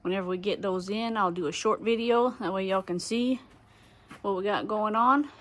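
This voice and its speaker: A woman chats casually to her viewers from her homestead. Her manner is folksy and easygoing. Her voice sits at an ordinary middle pitch. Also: moderate pace. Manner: folksy, chatty, talks straight to viewers. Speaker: homesteading vlogger. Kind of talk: casual vlog chat. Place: homestead barn or coop.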